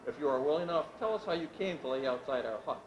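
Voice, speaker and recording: Earnest young village man for a storybook reading , voiced by a man, measured, mid pitch. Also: animated, dull audio, a crowd in the background, lightly acted. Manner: measured, plain-spoken. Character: serious young peasant man, inquisitive. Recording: echoey room with background noise.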